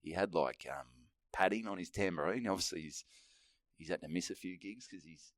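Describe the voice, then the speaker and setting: A man's voice: low voice, fairly quick, no room sound, clean studio sound. An Australian man co-hosting a podcast, telling stories in casual, sweary chat and often laughing. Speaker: podcast co-host.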